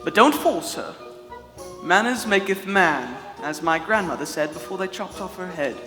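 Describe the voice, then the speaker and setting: A man's voice: high voice, lively intonation, moderate pace, pushed and bright. A man playing a pompous, giggling Prince John. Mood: haughty. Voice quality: theatrical, haughty, giggling. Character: vain, pompous prince with a cruel streak. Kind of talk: live stage play. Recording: echoey hall, music behind.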